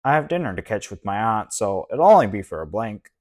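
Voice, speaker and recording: A man's voice: on the low side, sing-song, a little fast, a little mellow, voice pushed up. A man voicing a nervous young male student whose voice shakes, in an audiobook reading. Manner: hesitant, shaky.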